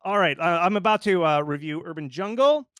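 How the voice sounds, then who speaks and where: A man with a slightly high voice gives game marketing advice in a loose, animated way. He leans heavily on fillers and asides. His voice sits dry and close, with no room sound. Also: brisk, smooth, dry recording. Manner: animated and informal, lots of fillers like "like". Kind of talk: conversational expert commentary.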